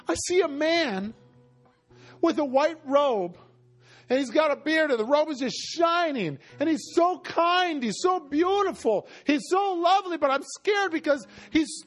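A frightened, awestruck teenage girl, voiced high and breathless by a male preacher. The tearful voice sits well above his normal speaking pitch and breaks as she calls out. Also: fairly even intonation, normal speed, hardly any pauses, soft background music.

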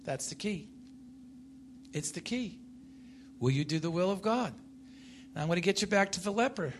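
A man's voice: expressive, moderate pace, slight background noise. A man preaching a sermon, emphatic, swinging his voice up and down and putting questions to the congregation. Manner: emphatic, rises and falls in pitch and loudness, asks the congregation questions.

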